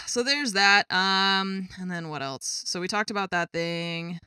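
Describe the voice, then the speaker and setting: Bright chatty woman streamer. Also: lowish voice, a little slow, clean tone, no room sound, studio quality. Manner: chatty, exasperated, swears casually. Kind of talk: casual chat to viewers. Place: home gaming setup with a cat.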